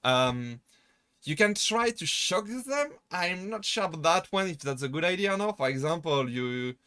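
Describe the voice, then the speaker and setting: Bright, slightly high-voiced male streamer. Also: expressive, normal speed, smooth, no echo, clean studio sound. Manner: earnest, advice-giving, with broken grammar and restarts. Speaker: VTuber streamer. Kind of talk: casual livestream advice Q&A.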